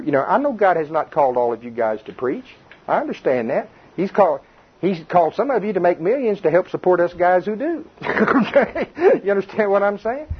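A man's voice: fairly high pitch, slightly rough, muffled recording. A man preaching an informal sermon, conversational and quizzing the congregation. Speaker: pastor.

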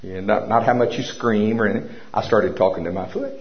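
A man's voice: lowish voice, a little fast. A man preaching a sermon in a church service, telling a personal story and making commanding declarations of faith. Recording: dull lo-fi recording.

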